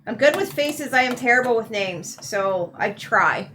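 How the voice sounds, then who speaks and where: A woman's voice: on the high side, expressive, normal speed, bright, forceful tone, slight background noise. A woman co-hosting a casual livestream, reading chat aloud and laughing often.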